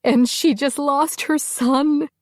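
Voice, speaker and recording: A woman narrator voicing a panicked, tearful young warrior woman, pitched up and pleading in an audiobook. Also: fairly even intonation, takes it slowly, gravelly, no echo, clean studio sound. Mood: distraught. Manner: distraught, sobbing, self-blaming.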